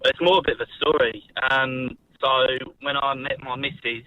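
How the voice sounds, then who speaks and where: A man's voice: mid-range voice, fairly even intonation, normal speed, highs cut off. An Australian man calling in to radio, laid-back and matey, telling a story. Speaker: caller. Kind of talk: phone-in call.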